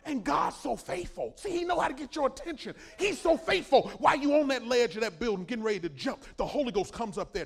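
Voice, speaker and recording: A man preaching a sermon, swinging from quiet asides to shouted exhortation. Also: very high-pitched, sing-song, fast, gravelly, few pauses.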